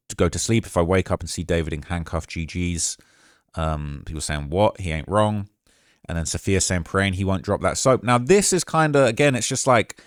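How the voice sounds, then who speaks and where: Male commentary host, low voice, rapid casual delivery, dry sound. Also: dry recording. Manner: fast, casual, talks over quotes with quick asides. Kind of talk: reading and reacting to chat messages.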